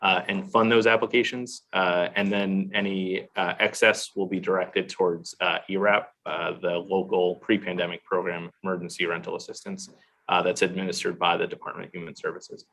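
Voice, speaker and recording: A man testifying as a government official at a hearing over a video call, answering questions in a halting way with frequent fillers. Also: sits low, flat delivery, a bit bright.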